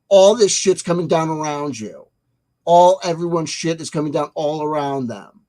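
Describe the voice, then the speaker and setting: A man's voice: fairly high pitch, normal speed, dark tone. A man hosting a commentary video, ranting and swearing in a mocking, angry way. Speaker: commentary channel host.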